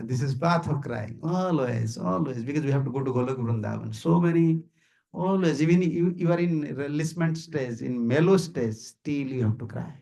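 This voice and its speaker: A man with an Indian accent preaches informally to a small gathering in a house, with a gravelly and somewhat husky voice. He repeats key phrases for emphasis and keeps asking his listeners whether they understand. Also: on the high side, darkish tone. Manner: repetitive, emphatic, asks listeners "you understand?", chuckles often. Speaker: visiting swami giving a talk. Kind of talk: informal sermon to a small group.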